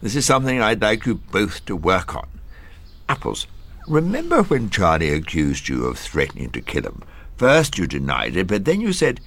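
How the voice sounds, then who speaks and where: A man in his sixties playing a dry, deadpan counsellor who also chats softly to his dog. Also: lowish voice, normal speed. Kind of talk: scripted comedy dialogue.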